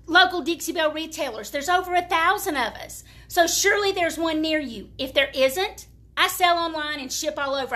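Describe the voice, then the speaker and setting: A woman's voice: sits high, pushed and bright. A woman with a Southern US accent giving a chatty, folksy live demonstration of furniture painting, talking straight to her viewers. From American South.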